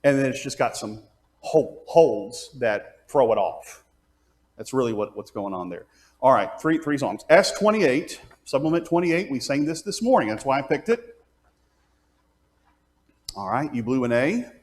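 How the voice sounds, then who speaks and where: A man teaching a class on leading congregational singing, explaining step by step and singing out pitches and counting beats aloud. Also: very animated, a little slow. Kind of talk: hands-on music class teaching.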